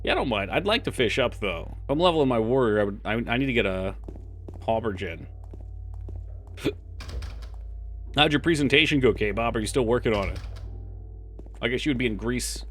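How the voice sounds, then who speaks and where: A man's voice: medium pitch, fast talker, faint music behind. A man streaming a game live, chatting casually with his chat, swearing freely and now and then reading game text aloud. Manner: reads game files aloud in a flat voice.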